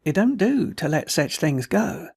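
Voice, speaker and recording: A man's voice: fairly high pitch, big pitch swings, measured pace, creaky, a little mellow, slightly rough, no room sound, studio quality, exaggerated voice. A man voicing a wounded, tattered male soldier who rambles in a folksy, slurred, way. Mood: worried. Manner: folksy, pleading, words slurred.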